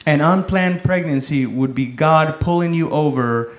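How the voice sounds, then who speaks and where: A man's voice: a little high, a little slow. A man doing stand-up comedy on a club stage, telling self-deprecating, profane stories in a loose, conversational way. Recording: roomy club with noisy audience.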